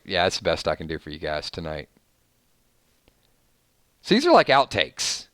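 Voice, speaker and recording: A man's voice: very deep voice, wildly swooping pitch, normal speed, long pauses, a bit bright, dry recording, clean studio sound. A man from Georgia with a Southern accent, hosting a casual live stream and reading out viewer names in a rambling, friendly way. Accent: Southern American. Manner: chatty, reads viewer names, rambling restarts. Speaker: streamer host.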